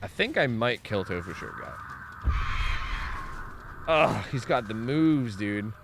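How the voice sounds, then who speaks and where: Over background noise, a young male streamer speaks in a mid-range, animated voice at a slow pace. His casual gameplay commentary is chatty and full of swearing, "like," and restarts as he reacts and replies to chat.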